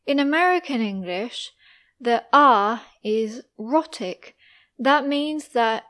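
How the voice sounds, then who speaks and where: A woman gives a pronunciation lesson at a very slow, deliberate pace. Her voice sits a little high. She pauses after every example word. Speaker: English teacher.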